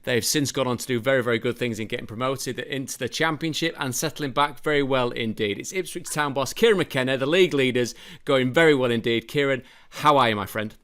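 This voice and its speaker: A man's voice: medium pitch, a little fast, a bit bright, clean tone. Playful male podcast host. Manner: playful, wordy introductions. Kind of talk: podcast presenting.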